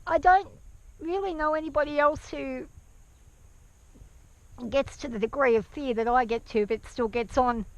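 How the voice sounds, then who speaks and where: Anxious woman on a horse, kinda high voice, hesitant, soft with the horse, outdoor action cam sound. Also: measured pace, pauses often, no room sound, highs cut off. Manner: anxious, hesitant, soothing her horse softly. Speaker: nervous horse rider. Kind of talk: talking to camera while riding. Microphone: action camera worn by the rider. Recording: outdoor action-camera audio.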